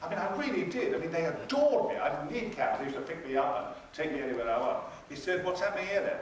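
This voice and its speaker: A man's voice: on the high side, sing-song, quick pace. An older man telling a wry, theatrical story as a convention panel guest, acting out the other people's lines. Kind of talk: anecdotal storytelling. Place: convention hall. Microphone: audience recording from far off. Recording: echoey hall recorded from a distance with noise.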